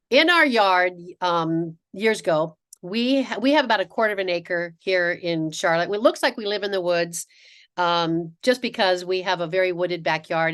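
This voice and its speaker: A middle-aged woman giving a webinar presentation to dentists. She tells stories in an animated way, acting out quotes and often restarting her sentences. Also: mid-range voice. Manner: animated storytelling with acted-out quotes, frequent restarts. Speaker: dental practice consultant.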